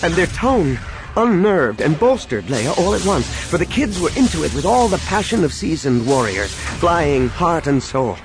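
A man narrating an action novel in a dramatic, expressive storytelling manner. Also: fairly high pitch, normal speed. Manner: expressive storytelling with acted voices. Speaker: audiobook narrator. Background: cinematic music.

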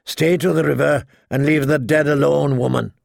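A man's voice: fairly high pitch, steady tone, normal speed, creaky, dry recording, studio quality. A man voicing a proud, mocking captive knight who speaks in a sneering, scornful way.

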